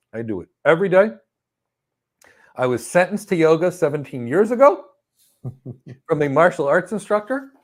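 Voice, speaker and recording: A middle-aged man hosting a question and answer session, giving career advice and acting out little stories with quoted voices. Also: mid-range voice. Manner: animated storytelling, acts out quoted people. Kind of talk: live Q&A advice talk.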